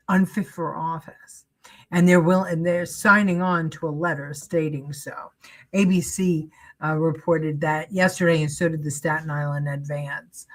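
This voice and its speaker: A woman's voice: low voice, a bit bright. A woman hosting a political talk show, chatting casually and reading viewer comments, with lots of fillers and restarts. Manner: chatty, laughs often, many fillers and restarts.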